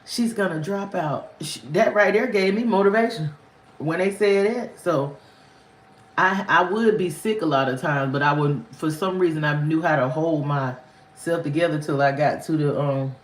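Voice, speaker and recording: A woman hosting a livestream, telling a story in a candid, rambling way with frequent pitch swings. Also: normal speed, reverberant. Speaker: livestream host. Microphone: phone or webcam on a livestream.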